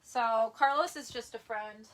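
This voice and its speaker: Chatty young woman, bright voice. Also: on the high side. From United States. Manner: chatty, self-deprecating, quick to laugh. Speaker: live streamer. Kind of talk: casual live-stream chat. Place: indoors at home near a bed. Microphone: phone or camera on a tripod.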